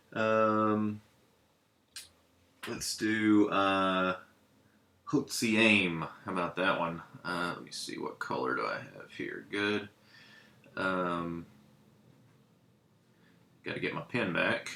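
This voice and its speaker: Deep, bright-toned man teaching, echoey room. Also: takes it slowly, vocal fry, long pauses, slight background noise. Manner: hesitant, many ums and uhs while writing. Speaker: Hebrew teacher. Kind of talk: casual classroom lesson.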